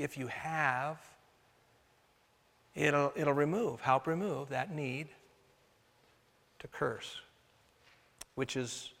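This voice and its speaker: A man preaching a sermon as pastor, earnest, swinging from loud emphasis to soft, slow phrases. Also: medium pitch, vocal fry, in a large hall.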